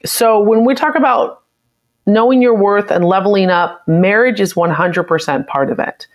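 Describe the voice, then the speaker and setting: A woman's voice: mid-range voice, moderate pace. An American woman hosting a live stream, reading viewer comments aloud and reacting to them in a chatty, opinionated way. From United States. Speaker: livestream host.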